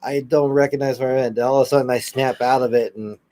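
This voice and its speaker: A laid-back man co-hosting a paranormal show, chatting easily and laughing often. His voice has a dark, mellow tone at a middle pitch. He often reads listener comments aloud. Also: fairly even intonation, quick pace. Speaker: paranormal podcast co-host. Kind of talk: casual chat. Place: home studio.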